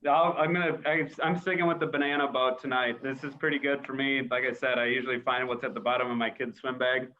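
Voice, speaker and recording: A man's voice: medium pitch, steady tone, fast, few pauses. A man from Minnesota hosting a casual interview, ribbing his guest in a joking way. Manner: jokey, ribbing. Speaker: host. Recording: slightly muffled call audio.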